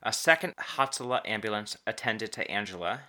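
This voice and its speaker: Podcast host, male, low and bright, casual storyteller who slows down to stress key words. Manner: halting, restarts and stretched emphasis on key words.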